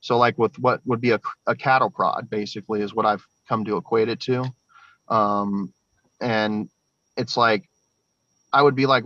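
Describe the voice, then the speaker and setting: A man's voice: mid-range voice, fairly even intonation, a little fast, pushed and bright, no room sound. Rambling young man, dull lo-fi sound. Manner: rambling, many fillers and restarts. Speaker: guest. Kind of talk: recounting personal experiences.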